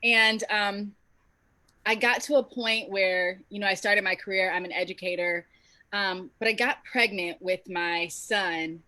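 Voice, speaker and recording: This woman speaks with a bright, tense edge, heartfelt and reflective, and pauses now and then with "um." She is a singer and teacher speaking on a video call. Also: medium pitch, fairly even intonation. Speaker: singer and educator. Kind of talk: casual panel chat.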